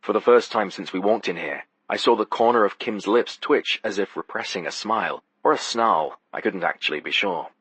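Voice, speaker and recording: A man's voice: lowish voice, moderate pace, hardly any pauses, fairly bright tone, breathy edge, no room sound. A man narrating a first-person audiobook in a wry, sardonic manner.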